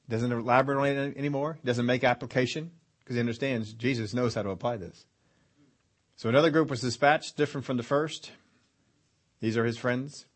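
Guy preaching, tells the bible story like he's there, middle pitch voice, acts out the lines. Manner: storytelling preacher, acting out the centurion's words. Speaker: pastor. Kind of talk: sermon.

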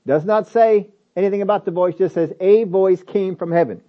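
A man's voice: sits high, normal speed, dull audio. A man preaching a sermon, emphatic and repetitive, asking rhetorical questions of his listeners.

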